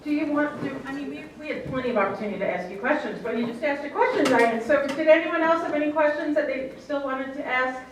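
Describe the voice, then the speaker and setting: A woman host moderating audience questions in a brisk, friendly way. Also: high-pitched, noisy background. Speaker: event host. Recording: echoey hall from far off.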